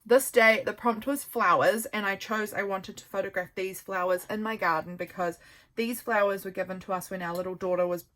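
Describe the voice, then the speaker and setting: A woman's voice: mid-range voice, steady tone, fairly quick. Chatty tired new zealand woman vlogging. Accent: New Zealand English. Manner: chatty, rambling, warm asides to viewers. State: tired, yawning. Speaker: journaling vlogger. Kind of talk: casual flip-through chat. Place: home.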